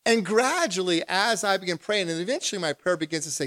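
A man pastor preaching a discipleship lesson in a lively, humorous, conversational way, acting out prayers. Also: high-pitched, a little fast, hardly any pauses, dry recording, clean studio sound. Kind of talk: sermon.

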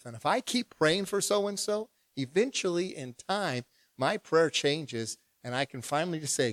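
A man pastor preaching a discipleship lesson in a lively, humorous, conversational way, acting out prayers. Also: fairly high pitch, normal speed, dry recording, clean studio sound. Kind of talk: sermon.

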